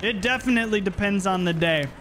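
A man livestreaming a game, chatting playfully and yelling at what happens on screen. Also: high-pitched, fast, heavy background noise. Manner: animated, playful, yells at the game. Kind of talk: live gameplay commentary.

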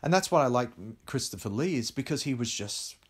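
A man's voice: mid-range voice, brisk, breathy edge. An English-born middle-aged man, a film director, telling anecdotes in a casual interview with laughs along the way. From England. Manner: animated storyteller, laughs while talking.

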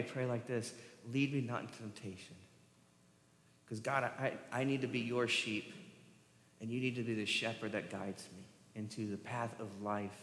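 A man's voice: medium pitch, a bit bright, roomy sound, big-room sound. A man preaching a sermon as pastor, impassioned and building to emphatic peaks as he quotes scripture. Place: church sanctuary.

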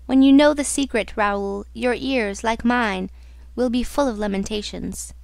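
A frightened young woman from a gothic storybook, pleading and breathless, as a woman reader plays her. The voice is fairly high with a dry, close sound. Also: unhurried, gravelly, a little mellow, no room sound. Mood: grave. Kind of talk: audiobook reading.

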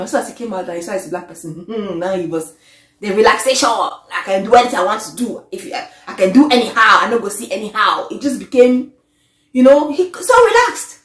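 A woman, vlogging an animated, exasperated rant to camera that often trails off. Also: a little high. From Africa. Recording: echoey room.

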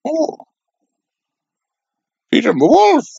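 A man voicing a cheeky, crude comedy doll that chatters and giggles in a high put-on voice. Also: wildly swooping pitch, slow, creaky, warm tone, dry recording, highs cut off, exaggerated voice. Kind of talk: comedic puppet commentary.

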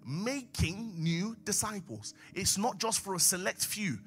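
A man's voice: big pitch swings, moderate pace, few pauses, a bit bright, soft background music. Emphatic male preacher. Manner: emphatic, swings from low asides to raised exhortation. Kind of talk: sermon.

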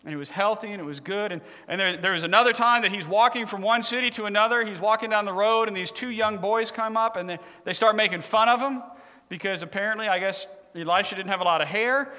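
Bright-voiced joking male preacher. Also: high voice, fast talker, in a large hall. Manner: joking, conversational, animated. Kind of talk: humorous sermon storytelling.

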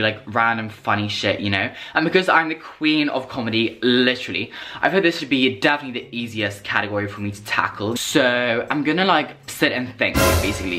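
Excitable sassy young British man. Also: medium pitch, brisk. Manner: excitable, dramatic and sassy, swears freely. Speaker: vlogger. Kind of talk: casual vlog chat. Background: background music.

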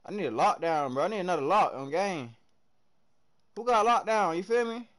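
A young man from the American South streaming a game live, chatting with his viewers in hyped, slangy bursts that swing between loud and soft. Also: high voice, lively intonation, normal speed.

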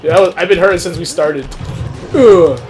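A young man playing a wrestling game with a friend, shouting hyped reactions and cursing. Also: fairly high pitch, moderate pace. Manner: hyped, loud exclamations and cursing. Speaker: gamer. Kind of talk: excited co-op gameplay chatter. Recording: game music in background. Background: wrestling game music.

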